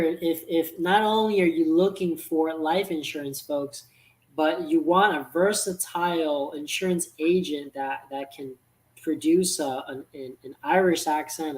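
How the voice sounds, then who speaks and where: A channel host running a casual interview at a middling pitch. The host talks hesitantly, often restarting sentences. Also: poor audio.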